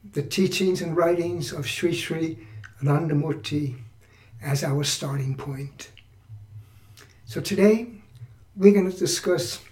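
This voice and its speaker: A man hosting a spiritual podcast, talking through teachings in a relaxed, reflective way with frequent restarts. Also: on the high side, recorded from a distance. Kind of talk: spiritual talk. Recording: echoey room, voice from off-mic.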